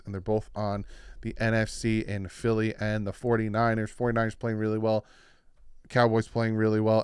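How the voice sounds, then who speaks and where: Animated sports picks vlogger, dry sound. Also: male voice, clear, resonant tone, no room sound. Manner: animated, with sudden jumps in pitch and loudness. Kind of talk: casual sports prediction talk.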